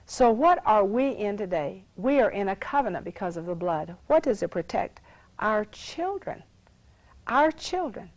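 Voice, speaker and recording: A woman's voice: mid-range voice, animated, normal speed, hardly any pauses, darkish tone, dry recording, low-quality recording. A woman teaching a sermon, reading scripture aloud and repeating phrases for emphasis. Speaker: Bible teacher.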